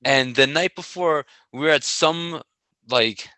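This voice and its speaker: A middle-aged man co-hosting a casual podcast, telling a story in an animated way and laughing often. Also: on the high side, unhurried, no echo, low-quality recording. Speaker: podcast co-host, track coach. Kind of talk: casual chat.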